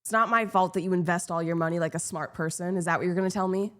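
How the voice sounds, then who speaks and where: A young woman live streaming, chatting casually with her viewers in a sarcastic, deadpan, teasing way. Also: lowish voice, fast.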